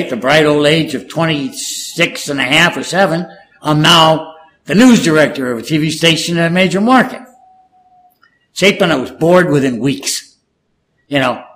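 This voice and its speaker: An older man from California, a native Spanish speaker, speaks in a slightly high voice on a rough recording. He's a guest and former war correspondent, casually telling stories in an interview and animatedly acting out the people he quotes.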